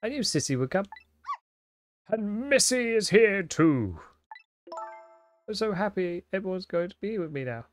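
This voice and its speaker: Brief: man playing a happy, innocent little girl for a game, lilting and high. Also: very animated, measured pace, long pauses, soft background music.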